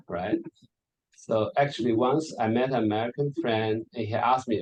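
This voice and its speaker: A man with a mid-range voice lectures to an audience at a conference. He speaks hesitantly, stopping to repeat words and filling the pauses with fillers. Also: mid-range voice, a little mellow, poor audio. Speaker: lecturer presenting on English varieties. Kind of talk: conference presentation.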